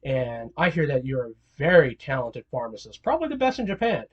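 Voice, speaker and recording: A man voicing a smooth, courteous male demon villain who makes a careful, polite request in a hushed, measured way. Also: medium pitch, very animated, lo-fi sound, pitched below the performer's own voice. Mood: politely persuasive.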